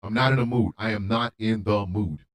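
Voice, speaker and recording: A man hosting a radio show, delivering a heated monologue with emphatic repetition and occasional shouting. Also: on the low side, moderate pace. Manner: emphatic, repeats lines for force; rants, at times shouting.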